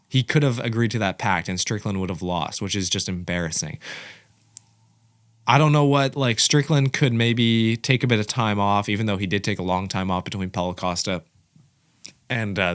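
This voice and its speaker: A man with a low voice hosts a casual fight reaction, talking excitedly and rambling. He trips over his own details and corrects himself mid-thought. The sound is close and dry, with no room around it. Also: moderate pace, dry recording. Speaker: host of a combat sports reaction channel. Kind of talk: casual commentary.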